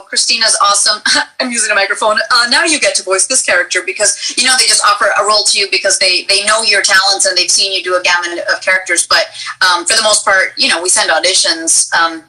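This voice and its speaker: A woman's voice: medium pitch, brisk, sharp tone, recorded from a distance, low-quality recording. A woman voice actor hosting an interview, enthusiastic and encouraging, chatting casually and laughing often.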